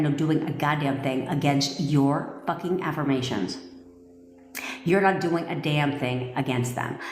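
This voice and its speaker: A woman manifestation coach talking on a livestream in a blunt, profane, commanding way. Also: sits low. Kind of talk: livestream talk to viewers. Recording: echoey room with long reverb.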